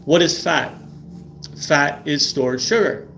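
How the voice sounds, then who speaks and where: A man's voice: on the high side, takes it slowly, creaky, fairly bright tone, a little hiss or hum. A middle-aged man hosting a live stream about health, talking emphatically and often tagging lines with "right?", repeating words as he goes. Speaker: livestream host.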